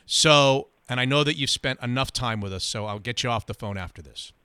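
A man hosting sports radio, telling a story in a lively, quick way. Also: medium pitch, clean tone, no room sound. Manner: animated, quick anecdote telling. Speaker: radio host.

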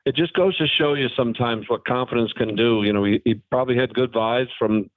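A man's voice: mid-range voice, no room sound. Man on a tinny phone line. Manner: halting, frank, wry. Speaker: former pro golfer guest. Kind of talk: phone-in radio interview.

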